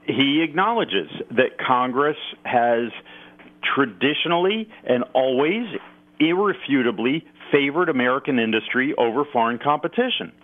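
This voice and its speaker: A man calls in to a talk radio show, his voice thin and tinny down a phone line. He argues emphatically and with a sarcastic edge, swinging his pitch up and down as he makes his points. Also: expressive, normal speed. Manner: emphatic, sarcastic, mocks opponents. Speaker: political commentator, guest.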